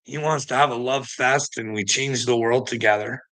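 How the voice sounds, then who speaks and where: A man with a gravelly, fried edge to his voice and a bright, forceful tone rants to his viewers. He talks bluntly and indignantly, with heavy swearing in a loose monologue. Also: medium pitch, steady tone, moderate pace, poor audio. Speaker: vlogger. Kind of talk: profane ranting monologue.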